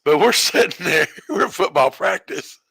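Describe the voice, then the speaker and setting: High-pitched and animated, this gaming streamer's voice is pushed and bright, with vocal fry and a breathy edge, recorded without echo at a normal speed. He chats casually through a meandering story, chuckling and correcting himself along the way.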